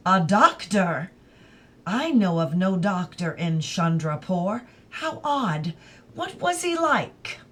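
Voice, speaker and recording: A woman reading aloud as an eager, curious young Englishwoman with a keen, lively manner. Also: lowish voice, takes it slowly, heavily acted.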